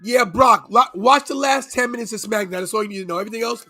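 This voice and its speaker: Hyped wrestling podcast host, bright high voice. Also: male voice, quick pace, no room sound. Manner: hyped, shouting and goofy sing-song bits. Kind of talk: live watch-along chat.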